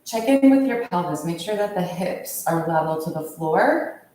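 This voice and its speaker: Echoey yoga teacher, heard from afar. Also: female voice, fairly low pitch, normal speed, slight background noise. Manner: calm, steady cueing of poses with the breath. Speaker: yoga instructor. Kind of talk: guided yoga class instruction. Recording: very echoey room, voice from far off.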